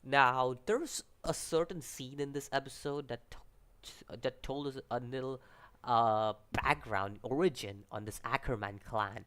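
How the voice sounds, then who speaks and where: A man casually reviews an anime episode in English with a non-native accent, his mid-range voice smooth and his pace measured. Though animated and rambling, he stumbles over names and restarts sentences.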